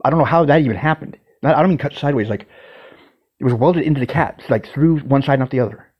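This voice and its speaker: A man with a husky voice tells a personal story in a casual, intense way, swearing for emphasis. His pitch sits in an ordinary middle range. The recording sounds slightly dull and lo-fi. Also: quick pace.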